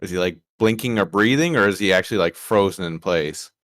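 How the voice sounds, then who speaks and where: Deep-voiced man playing a tabletop game. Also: brisk, fairly bright tone, no room sound, clean studio sound. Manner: hesitant, searching for words. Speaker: player. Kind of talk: casual tabletop play.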